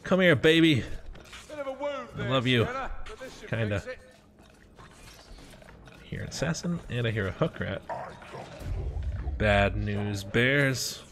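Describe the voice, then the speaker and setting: A man giving gameplay commentary, excitable and rambling, swearing often as he plays. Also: mid-range voice, takes it slowly, creaky, pauses often, crowd noise. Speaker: gaming channel host.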